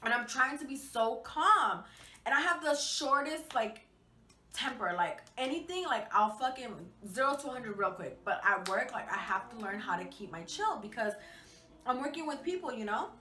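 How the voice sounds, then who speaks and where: A woman's voice: on the high side, lively intonation, normal speed, sharp tone. A young woman telling a casual storytime vlog, chatty, swearing freely and full of fillers. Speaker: vlogger. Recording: echoey room, mic at a distance, faint hiss.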